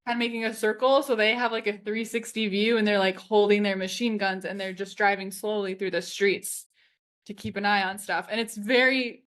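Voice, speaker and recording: A woman's voice: mid-range voice, steady tone, moderate pace, fairly bright tone. Chatty woman in her thirties, laughing often. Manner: chatty, fills speech with "like", laughs often while telling stories. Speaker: podcast co-host. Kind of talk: casual chat.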